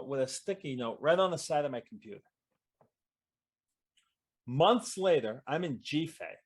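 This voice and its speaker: Lively storyteller guest, male, animated and expressive delivery. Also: on the high side. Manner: lively storyteller, acts out quoted voices, trails off mid-sentence. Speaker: guest author in audience Q&A. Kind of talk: animated storytelling in casual chat.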